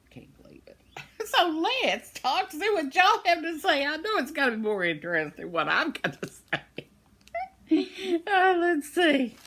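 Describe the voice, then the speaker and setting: Chatty older woman, gravelly. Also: mid-range voice. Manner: chatty, laughs often, warm storytelling. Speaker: vlogger reading viewer comments. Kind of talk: casual chat. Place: at home, indoors.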